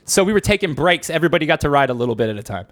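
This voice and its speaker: A man's voice: a little high, rapid-fire. A young man chatting casually on a podcast, telling a story with lots of swearing and laughter. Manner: animated storyteller, swears freely, laughs often. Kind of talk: casual profane chat.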